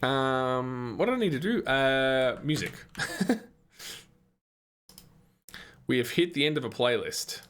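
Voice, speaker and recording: A man's voice: medium pitch, animated, slow, long pauses, fairly bright tone, clean tone. An Australian man hosting a live gaming stream, chatting casually and answering viewers' comments between moments of play. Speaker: livestream host.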